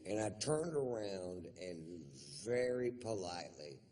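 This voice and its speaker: Middle-aged guy doing standup, low voice, drawling and deadpan, cusses a lot, bit of room noise. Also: measured pace. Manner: drawling, profane, deadpan storytelling. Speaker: stand-up comedian. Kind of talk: stand-up comedy storytelling. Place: large theater stage.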